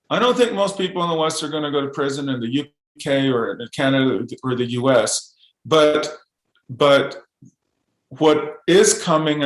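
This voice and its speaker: A man speaking as a podcast guest, telling his story in an earnest, halting way with frequent restarts. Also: a little high, a bit bright, reverberant, poor audio. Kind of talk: podcast interview testimony.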